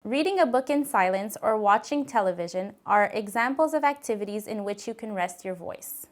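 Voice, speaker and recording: A woman giving calm, clearly spoken scripted narration for an instructional voice-care video. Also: medium pitch, normal speed.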